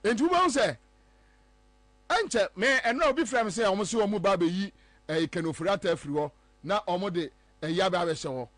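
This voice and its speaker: A Ghanaian man hosting a political talk show, animated and emphatic, switching between English and Twi. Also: sits high, brisk, no room sound. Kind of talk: political commentary.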